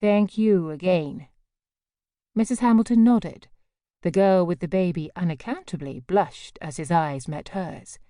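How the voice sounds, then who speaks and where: Audiobook narrator, woman, measured delivery, warm dark voice. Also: lowish voice, no room sound, studio quality. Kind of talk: scripted novel narration.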